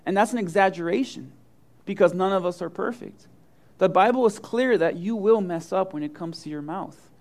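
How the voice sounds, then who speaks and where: A middle-aged male pastor preaching a sermon, telling funny personal stories and acting out the quotes with big swings in voice. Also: moderate pace. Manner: animated storyteller, acts out quotes with big swings of pitch and loudness.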